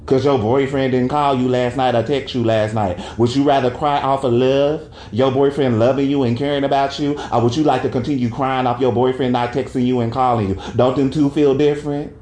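A man holds forth in a loud, profane monologue, breaking into laughter and tossing "okay?" after his points. His voice sits at a middling pitch. The room around him is roomy and echoey. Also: fairly even intonation, brisk, few pauses. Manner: brash, profane, emphatic; jumps into high falsetto for quoted bits. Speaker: podcaster. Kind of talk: casual monologue rant. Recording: roomy echo.

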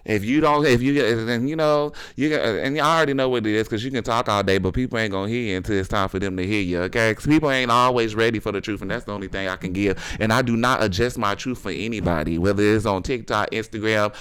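A man's voice: fairly low pitch, quick pace, hardly any pauses, a bit bright, smooth, dry recording, low-quality recording. A man hosting a casual solo podcast, talking in a sassy, preachy way and often tagging his points with "honey, okay?". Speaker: podcast host.

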